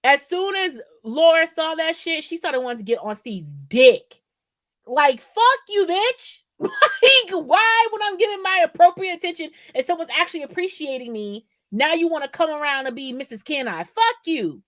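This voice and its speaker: Woman podcast co-host, casual and profane, rambling style, slightly high pitch, dry close recording. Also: animated, normal speed, no echo. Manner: profane, rambling, keeps asking "right?". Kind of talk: casual chat.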